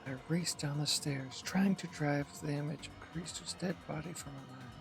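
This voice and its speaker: A male streamer reading a visual novel aloud in the first person, with tense, halting delivery. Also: on the high side, steady tone, gravelly, over music.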